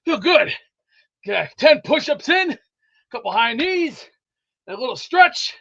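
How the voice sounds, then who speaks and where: A man rambling excitedly about football and cooking in a boastful, comedic way, slightly out of breath. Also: extremely high pitch, unhurried. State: out of breath from exercise. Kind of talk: rambling comedic sports chat. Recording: dull lo-fi sound.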